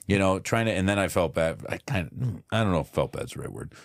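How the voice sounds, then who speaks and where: A man with a low, deep voice, talking casually on a podcast and acting out what people said as he tells stories. He swears freely. The sound is dry and close, with no room echo. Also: fast, creaky. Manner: animated storyteller acting out quotes, swears freely. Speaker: podcast co-host. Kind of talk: casual chat.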